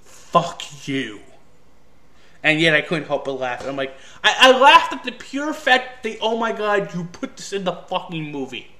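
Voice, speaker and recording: A man with a high, bright voice delivers a ranting film review. He sounds exasperated and sarcastic, and he swears freely as he picks the movie apart. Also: sing-song, normal speed, hardly any pauses.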